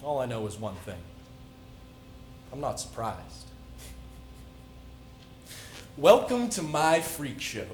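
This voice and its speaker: A teenage student performing a dramatic monologue as a calm but unhinged male serial killer on death row, confiding softly one moment and shouting in a frenzy the next. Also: medium pitch, measured pace, roomy sound, a little hiss or hum. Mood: cold, menacing. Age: teens. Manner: soft, confiding menace breaking into frenzied shouting. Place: school auditorium stage.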